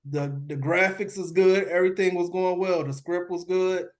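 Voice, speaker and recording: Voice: medium pitch, level tone, moderate pace. A panelist on a casual movie review podcast, talking in an exasperated way and firing off indignant questions.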